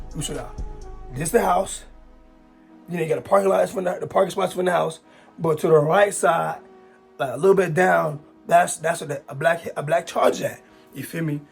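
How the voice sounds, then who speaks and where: A young man, telling a long storytime with slangy, repetitive, excitable talk. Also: high-pitched, vocal fry, slightly rough. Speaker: storytime YouTuber. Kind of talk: animated storytime monologue.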